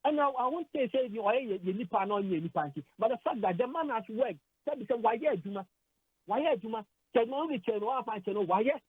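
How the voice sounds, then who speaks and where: A Ghanaian man speaks on a sports radio program in a dry studio. His husky voice sits high for a man. He stumbles, repeats himself and mixes Twi with English. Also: animated, fairly quick, dry recording, phone-quality sound. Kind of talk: emotional radio sports discussion.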